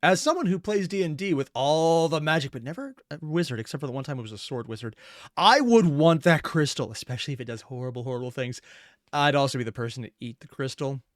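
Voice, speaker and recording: A woman's voice: rumbling low, fast, no echo, studio quality. A woman hosting a reaction video, making self-deprecating jokes in casual commentary. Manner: self-deprecating, joking asides. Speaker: reaction host.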